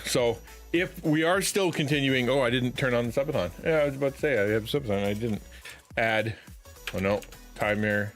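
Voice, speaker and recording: A middle-aged man chatting casually on a live stream from his home setup, rambling with many restarts. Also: on the low side. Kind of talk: casual livestream chat.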